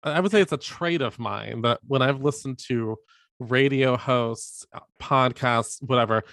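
A man co-hosting a podcast in easy, chatty conversation. He tells stories with animated quoted asides in a medium-pitched voice. The recording is dry and close. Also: unhurried, dry recording. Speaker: podcast co-host. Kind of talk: casual chat.

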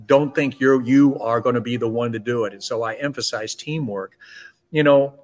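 Emphatic man teaching on a podcast. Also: mid-range voice. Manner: emphatic, lists items in quick runs. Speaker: church security trainer and podcast co-host. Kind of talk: conversational podcast talk.

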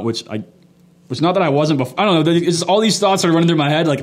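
A young man with a slightly high voice hosts a laid-back podcast. He talks loudly and laughs often. He tells stories with lots of energy. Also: fast talker. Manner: loud, laughs a lot, animated storyteller. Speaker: podcast host. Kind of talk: casual chat.

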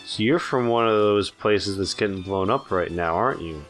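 A flirty woman holding court at a small-town bar, put on by a man in a tabletop game. She rambles in a folksy, chatty way, and her voice sits fairly low. Faint music plays behind her. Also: normal speed, fairly bright tone, natural voice.

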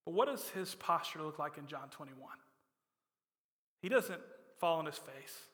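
A male pastor preaching a sermon with a slightly high, bright voice. He talks emphatically and swings from loud lines to hushed ones. The sound rings in the long reverb of a large church hall. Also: lively intonation, unhurried.

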